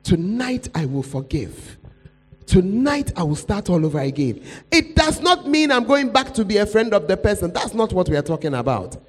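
Pleading pastor preaching in an echoey hall. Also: male voice, sits high, big pitch swings, normal speed, slightly rough. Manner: pleading, call-and-response with congregation. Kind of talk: sermon. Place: church hall. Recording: echoey hall with mains hum.

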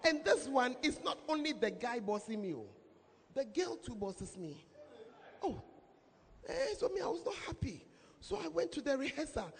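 A woman pastor preaching a sermon in a lively, shouting, laughing manner. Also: fairly high pitch. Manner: animated, shouts and laughs often. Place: church hall with congregation. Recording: reverberant hall, faint crowd.

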